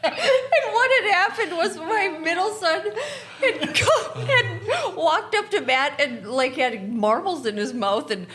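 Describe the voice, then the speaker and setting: A woman with a high voice that swings all over the place tells a story to her podcast co-hosts. She talks casually and laughs often, full of animation. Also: expressive, a little slow, a bit bright. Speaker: podcast co-host.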